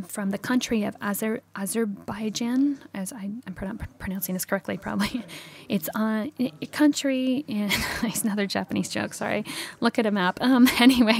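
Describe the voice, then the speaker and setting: A woman delivers a church sermon in a casual, halting way, full of small hesitations and self-corrections. Her voice sits at an ordinary middle pitch for a woman. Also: fairly even intonation. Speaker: preacher.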